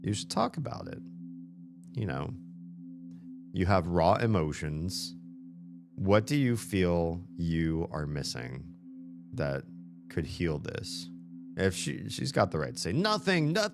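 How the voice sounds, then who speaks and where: A man's voice: low-pitched, animated, takes it slowly, creaky, pauses often. A man streaming a story game, chatting casually and playfully as he comments and often laughs.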